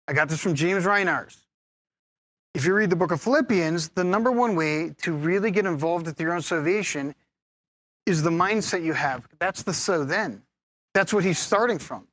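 A man preaching a sermon as pastor, lively and humorous, teasing his congregation and laughing often. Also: high voice, no echo.

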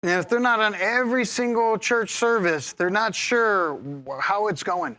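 A man preaching a sermon as pastor, lively and humorous, teasing his congregation and laughing often. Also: high-pitched, normal speed, dry recording.

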